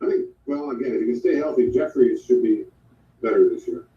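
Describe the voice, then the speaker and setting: A man co-hosting a casual chat, talking haltingly with many restarts. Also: medium pitch, animated, mellow, a little hiss or hum. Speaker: co-host. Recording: dull, echoey sound from far off.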